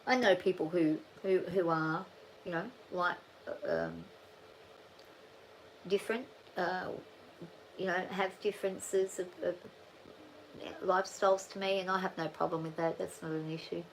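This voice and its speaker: Unhurried and pausing often, this middle-aged woman with an Australian accent rambles through a casual live chat with viewers of her farm channel. Her lowish voice keeps fairly even intonation, thinking aloud with lots of restarts, on a rough recording with slight background noise.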